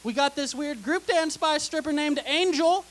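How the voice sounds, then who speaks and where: A young woman with a high voice does stand-up on a theater stage before a live audience, speaking at a normal speed. She delivers sarcastic, dry punchlines into a stage mic, and the recording quality is low.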